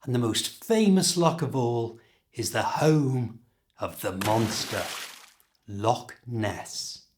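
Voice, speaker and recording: A man leads a pronunciation lesson. He speaks slowly and deliberately, with a lively, rising and falling pitch. He demonstrates each sound with care. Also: a little hiss or hum. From Liverpool, England. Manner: slow, careful, demonstrative. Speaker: English pronunciation teacher.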